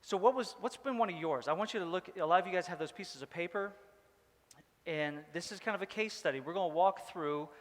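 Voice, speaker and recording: A man's voice: high voice, a little fast, long reverb tail. A male pastor giving a casual, joking sermon, rambling with many fillers. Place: church hall.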